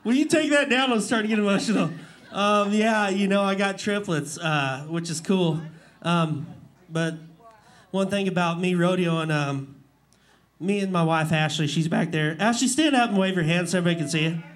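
A man's voice: high voice, moderate pace. A man in his forties, a rodeo clown guest on a live talk show, telling rambling stories and laughing often. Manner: emotional, laughing, rambling storyteller. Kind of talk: casual talk-show storytelling. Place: live show before an audience.

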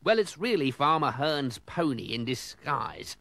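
A man voicing a cheerful fellow dressed up as Father Christmas, jolly and booming. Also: big pitch swings, unhurried, vocal fry, a bit bright, no echo, exaggerated voice.

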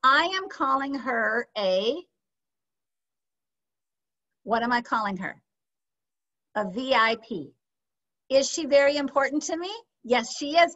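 A woman teaching a sales training session, lively and often checking in with her audience with questions. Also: fairly high pitch, measured pace, long pauses. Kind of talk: training session on a video call. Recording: slightly dull lo-fi sound.

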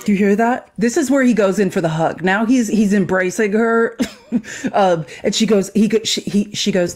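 A woman's voice: mid-range voice, normal speed, a little mellow, soft background music. A woman co-hosting a casual political talk show, amused and chatty as she comments on a video clip. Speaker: co-host.

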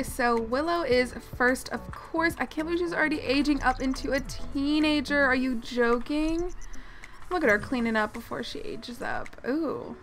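A woman with a high voice gives chatty, excitable commentary over her gameplay. She gasps and exclaims often, and soft music plays underneath. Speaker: gaming channel host.

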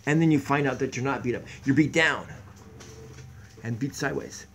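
A man in his forties rambling in a jokey, excitable way on a comedy vlog, recorded on a tablet mic in a home kitchen. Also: mid-range voice, normal speed, a little hiss or hum. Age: 40s. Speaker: vlogger. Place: downstairs home kitchen, on a barstool. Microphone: tablet camera mic.

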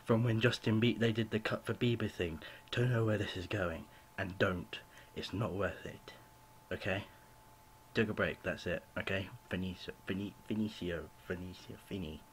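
Young man, home vlog rant, rambling and apologetic, low-ish voice, faint room hiss. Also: normal speed. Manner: rambling, apologetic, full of "you know" fillers. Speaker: vlogger.

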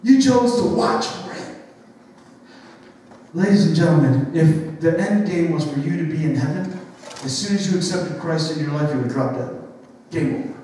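Male youth pastor, high voice, animated storytelling sermon, heard from far off in a reverberant church hall. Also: normal speed. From western New York. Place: church sanctuary. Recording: echoey church hall from far off, faint noise.

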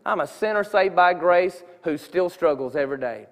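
Speaking at a moderate pace with lively intonation, a high-voiced man shares a sincere, conversational sermon testimony. He frequently restarts what he's saying, and the church hall adds a long, echoing reverb.

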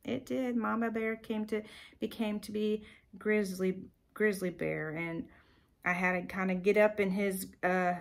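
A woman podcast host telling a personal story in a chatty, animated way, with sighs and filler words. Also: mid-range voice, a little slow, vocal fry.

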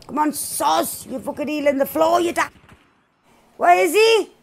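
A woman giving loud, excited gameplay commentary, swearing and shouting at opponents as she plays. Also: high-pitched, unhurried, vocal fry. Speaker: gaming streamer.

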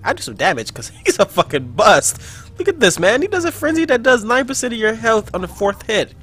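A man's voice: very high voice, brisk. Young man cursing over gameplay. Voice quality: profane, excitable. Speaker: gamer. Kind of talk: casual gameplay commentary. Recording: game music behind voice.

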